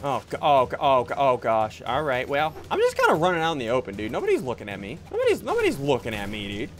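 A young man giving jokey, excitable commentary while playing a video game. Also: medium pitch, fast, background noise. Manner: excitable, jokey, yelps and laughs mid-play. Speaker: gaming channel host. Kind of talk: live gameplay commentary.

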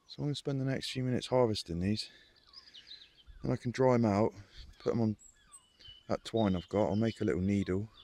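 A man's voice: fairly low pitch, darkish tone. A man chatting enthusiastically as a bushcraft vlogger while foraging in woodland. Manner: chatty, enthusiastic, plain-spoken. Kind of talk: casual outdoor narration. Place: outdoors in woodland.

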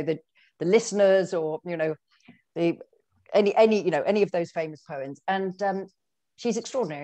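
A middle-aged woman, an author, telling personal stories in a chatty, animated way with lots of fillers and restarts. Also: fairly low pitch. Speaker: guest author. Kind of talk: conversational storytelling.

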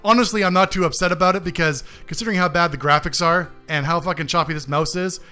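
Give me a sarcastic man ranting through a game review in a bright, slightly high voice. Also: steady tone, quick pace, faint music behind. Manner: sarcastic, ranting, heavy swearing. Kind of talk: profane gameplay commentary.

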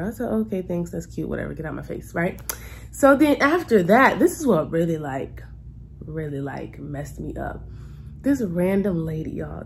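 Young woman vlogger, lowish voice, chatty and exasperated storytelling, faint background hiss. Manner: animated, exasperated retelling with colloquial asides. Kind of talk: casual storytelling to camera.

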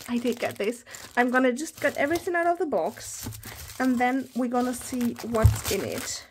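A woman chatting through an unboxing of planner stationery, gushing with excitement and often dropping to a whisper. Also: on the high side, moderate pace, noisy background. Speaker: planner vlogger. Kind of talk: casual haul unboxing.

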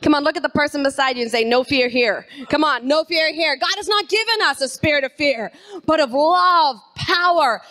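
A woman preaching an energetic sermon, calling on the congregation to repeat phrases after her. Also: high-pitched, a little fast. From Canada. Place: church sanctuary.

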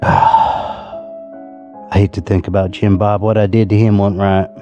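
A man voicing a menacing rural Southern man who slowly confesses a killing, in a put-on Southern US accent. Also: on the low side, level tone, mellow, highs cut off, soft background music. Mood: sinister musing. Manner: slow drawl, musing and sinister.

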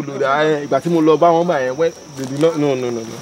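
A man's voice: a little high, racing, a little hiss or hum. A Nigerian man, a content creator, giving casual motivational advice and repeating his points for emphasis.

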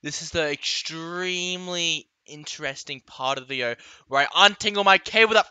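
A man's voice: on the high side, moderate pace, sharp tone, clear, resonant tone, no echo. A man ranting comically in a vlog, with exaggerated outbursts and yelps, recorded close and dry. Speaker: vlogger. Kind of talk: comedic rant vlog.

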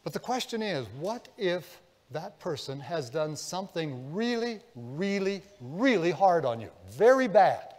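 A man preaching a sermon as pastor, telling a story, dropping to a hush and then rising with feeling. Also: sits high, sing-song, a little slow, hardly any pauses. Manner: storytelling, swinging between hushed and impassioned. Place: church sanctuary. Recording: long church reverb.

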